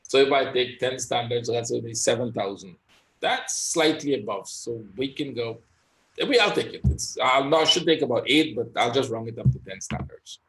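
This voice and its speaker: A man's voice: medium pitch, fairly bright tone. A man giving live trading session commentary as an instructor, thinking aloud and often tagging his points with "right?".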